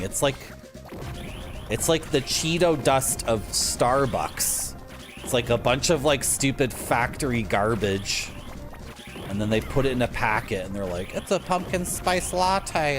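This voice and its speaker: A young man, chatting in a self-mocking way to his viewers while playing a game at home. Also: mid-range voice. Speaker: streamer. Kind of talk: casual gameplay commentary. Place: home streaming room with a game shelf. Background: retro game music.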